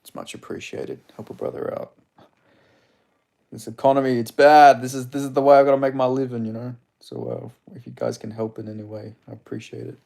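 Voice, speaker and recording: A man's voice: mid-range voice, flat delivery, fairly quick, creaky, a little mellow. Australian man rambling on a live stream. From Perth, Australia. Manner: rambling, crude, greets chat by name. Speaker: livestream host. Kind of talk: casual live-stream chat.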